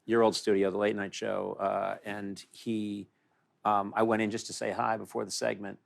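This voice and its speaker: A man in casual conversation, speaking softly in halting phrases. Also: lowish voice, flat delivery, gravelly. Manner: trails off, soft halting phrases. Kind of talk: casual chat.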